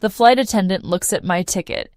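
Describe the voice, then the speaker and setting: A woman narrating a simple first-person story for English learners, clear and measured. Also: mid-range voice, a little mellow, no room sound, studio quality. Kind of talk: slow read-aloud story for learners.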